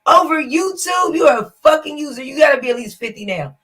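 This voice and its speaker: A woman hosting a reaction video, talking loudly and profanely, laughing and incredulous at what she watches. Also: high-pitched, lively intonation, fairly quick, hardly any pauses. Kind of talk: casual reaction commentary.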